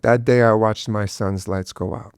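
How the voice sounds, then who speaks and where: A man's voice: lowish voice, steady tone, moderate pace, darkish tone, smooth, no room sound, studio quality. A middle-aged man, a guest father, talking earnestly and emotionally about his son, with many restarts and fillers. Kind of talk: emotional personal interview.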